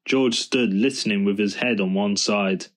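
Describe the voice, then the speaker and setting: A man reading a children's storybook aloud in a calm, measured narration. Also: lowish voice. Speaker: storybook reader.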